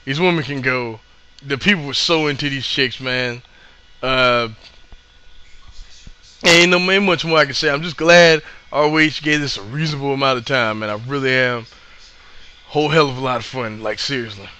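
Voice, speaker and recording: Excitable man rambling casually, bright voice. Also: mid-range voice, normal speed, long pauses, clear, resonant tone. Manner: rambling, excitable, lots of fillers and restarts. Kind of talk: casual recap of live events.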